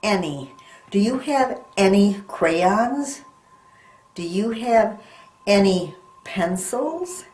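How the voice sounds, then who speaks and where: A woman's voice: medium pitch, animated, drawn-out words, a little mellow. A woman teaching a phonics lesson to young children, sounding words out letter by letter and coaxing them with questions. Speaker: reading teacher. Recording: echoey room.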